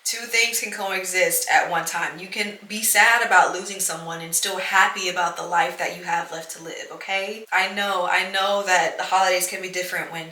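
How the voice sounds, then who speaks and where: A woman's voice: lowish voice, fairly even intonation, moderate pace, hardly any pauses, pushed and bright. A young woman hosting a podcast, talking in an earnest, reassuring way full of "like" and "you know". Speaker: podcast host. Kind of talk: casual heartfelt monologue. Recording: echoey room.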